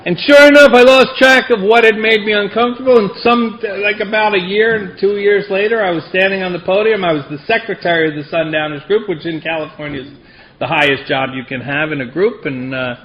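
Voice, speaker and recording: A man's voice: high voice, steady tone, brisk, a bit bright, slight background noise, low-quality recording. A middle-aged man giving a personal story at a recovery meeting, wry and self-deprecating. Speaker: AA speaker. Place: meeting hall.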